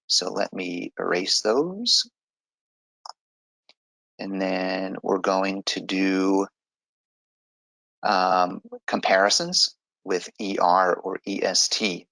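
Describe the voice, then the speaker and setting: A man's voice: sits low, vocal fry, sharp tone, dry recording, rough recording. A man teaching an online grammar lesson, explaining step by step in a patient way.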